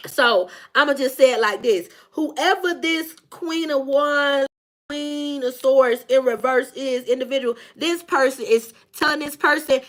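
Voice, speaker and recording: High bright-voiced woman doing a loud, cussing tarot reading. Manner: brash, profane, animated, acts out the people she reads about. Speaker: tarot reader. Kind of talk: casual tarot reading monologue.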